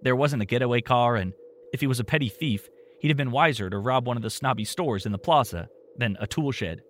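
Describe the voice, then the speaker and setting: A man narrating a story in a steady, plain storytelling manner. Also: mid-range voice, brisk, a little hiss or hum.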